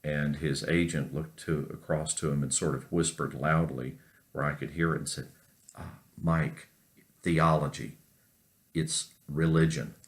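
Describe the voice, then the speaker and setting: A man from North Carolina, a professor giving a recorded class lecture, telling an unhurried story with many fillers. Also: very deep voice, steady tone.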